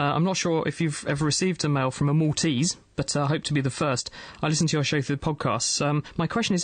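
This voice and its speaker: A man with an English accent hosting a live radio science show, chatting briskly and reading out listener emails. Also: on the high side, dry recording.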